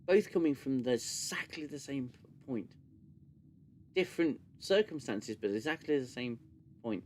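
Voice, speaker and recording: A man hosting a casual live discussion stream, talking in long animated runs and sometimes mimicking gushing voices. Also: medium pitch, normal speed. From United Kingdom. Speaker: podcast host.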